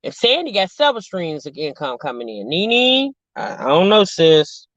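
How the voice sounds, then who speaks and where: A sassy, talkative woman hosts a casual chat stream reacting to reality TV, calling everyone sis and y'all. Her lowish voice is very animated at a moderate pace. The recording is dull, lo-fi and dry, with no room sound.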